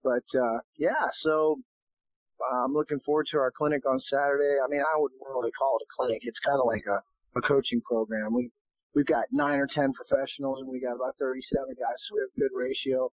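A man, a golf professional, talking casually as a guest, hoarse and losing his voice, rambling with many restarts. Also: mid-range voice, level tone, brisk, no echo. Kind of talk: casual phone interview. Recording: tinny phone line.

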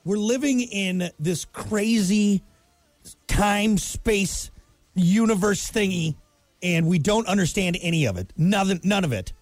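A man's voice: sits high, expressive, measured pace, no echo. A man in his thirties co-hosting a casual comedic chat show, joking and ranting with profanity. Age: 30s. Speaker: co-host.

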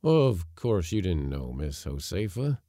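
A man's voice: lowish voice, big pitch swings, measured pace, vocal fry, mellow, no room sound, studio quality, heavily acted. Man doing a sly, folksy young cowboy. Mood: mournful. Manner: folksy, earnest-sounding yarn spinning. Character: sly young cowboy, smooth-talking and quick.

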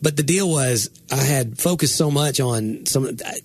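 A man's voice: medium pitch, normal speed, no echo. A man co-hosting a podcast, telling a rambling, self-deprecating story in casual chat. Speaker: podcast co-host and writer.

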